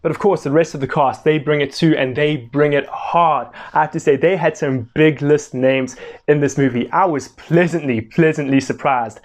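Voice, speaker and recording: A young man reviews a film casually on video, speaking in an animated, excitable way and often breaking into laughter. His voice is a touch higher than most men's, and he talks at a moderate pace.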